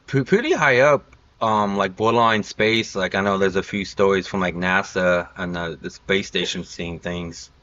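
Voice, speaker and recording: Podcast host, man, low pitched and bright-edged voice, loose rambling delivery, dull lo-fi audio. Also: normal speed. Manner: rambling, filler-heavy storytelling. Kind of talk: casual podcast chat.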